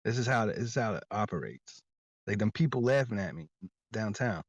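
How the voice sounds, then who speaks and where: A man's voice: fairly low pitch, lively intonation, a little fast, no room sound, muffled recording. A man talking casually as an interview guest, rambling and insistent, often repeating his words as he tells a long story.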